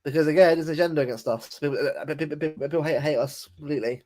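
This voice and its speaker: A man's voice: a little high, very fast, darkish tone. A man co-hosting a casual football chat podcast, rambling, repeating words and dropping "mate" often. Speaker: podcast co-host.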